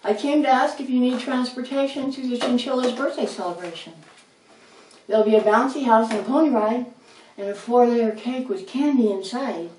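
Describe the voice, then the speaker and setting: A woman voicing a patient, friendly male red rat who explains things gently, in a roomy, distant recording with faint noise. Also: on the high side, moderate pace, voice pushed up, close to an everyday voice.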